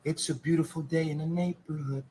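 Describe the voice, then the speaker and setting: A man mocking a soft-spoken, gentle male TV neighbor, talking slowly, quietly and overly politely. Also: on the high side, fairly even intonation, husky, voice pushed down, rough recording. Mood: sweet. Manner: slow, hushed and overly polite.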